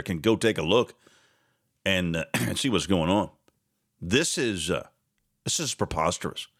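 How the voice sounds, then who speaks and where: A man's voice: lowish voice, a bit bright. Man, radio host, casual talk-show commentary, rambling, sarcastic, laughs a lot.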